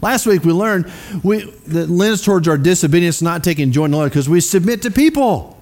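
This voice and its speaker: A man's voice: sits high, expressive, brisk, a little mellow. A man preaching a sermon in a casual, conversational way, often putting questions to the congregation. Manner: many fillers and restarts. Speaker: pastor.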